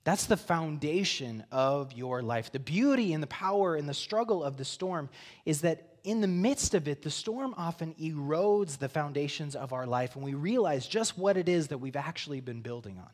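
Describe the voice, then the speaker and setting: Male pastor, slightly high voice, earnest reflective sermon delivery with hushed asides. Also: lively intonation, moderate pace. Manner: earnest, reflective, drops to soft near-whispers. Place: church sanctuary.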